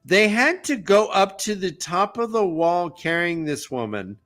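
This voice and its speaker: Animated joking man recapping a book. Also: sits high. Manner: animated, jokey, recaps the plot with quick asides. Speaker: podcast co-host. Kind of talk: casual book discussion chat.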